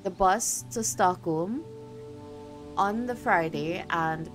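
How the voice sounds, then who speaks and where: A woman reads out a sharp-tongued young woman in a video game, scornful and protective of her friend. The delivery is slow and measured. Game music plays clearly underneath. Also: lowish voice.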